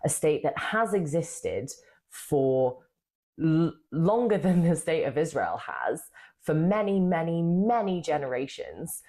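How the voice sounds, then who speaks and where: A woman speaks with passion, her voice low and mellow. Her pitch rises and falls widely as she presses her point. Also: big pitch swings, slow pace. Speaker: politician. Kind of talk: speech.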